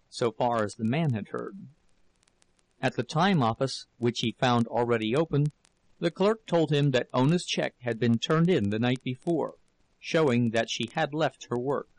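Male audiobook narrator, steady measured reading, mid-range voice, dry close sound. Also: mid-range voice, dry recording, poor audio. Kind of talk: scripted narration.

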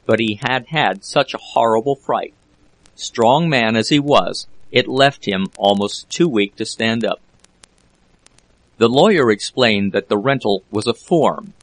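Give me a man reading a novel aloud at a steady, measured pace, medium pitch. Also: dry recording, low-quality recording. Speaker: volunteer audiobook reader. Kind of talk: scripted narration.

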